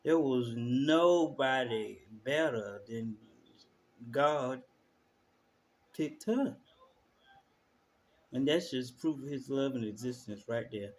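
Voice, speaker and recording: A man streamer giving casual live commentary, telling stories in animated slang. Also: mid-range voice, slow, pauses often. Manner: animated storytelling, slangy, laughs through stories. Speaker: streamer reacting to clips.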